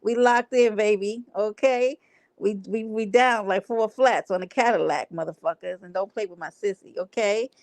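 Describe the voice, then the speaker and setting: A woman's voice: medium pitch, normal speed, no echo. A woman hosting a livestream, talking to her chat in a brash, playful way with plenty of profanity. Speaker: livestream host.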